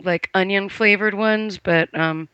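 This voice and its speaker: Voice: medium pitch, fairly even intonation, unhurried, sharp tone, smooth, dry recording, dull audio. A podcast co-host chatting eagerly and casually about a film.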